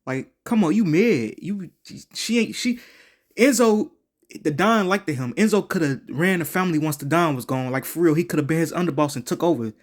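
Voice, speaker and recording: A man's voice: a little high, expressive, normal speed. A man giving a casual game review, slangy and profane, rambling with frequent restarts.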